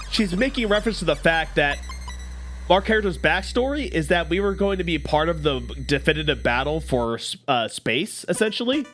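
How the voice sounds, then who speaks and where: A male streamer reading a visual novel aloud and joking between the lines in an animated, playful way. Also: fairly high pitch, normal speed, soft background music. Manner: animated, joking, breaks into laughs.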